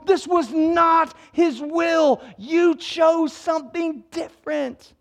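A man preaching a sermon in a conversational, emphatic way, full of rhetorical questions. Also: very high voice. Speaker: pastor.

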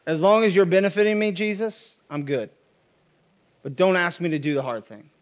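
A man's voice: sits high, normal speed. A man preaching a sermon as a pastor, casual with joking asides.

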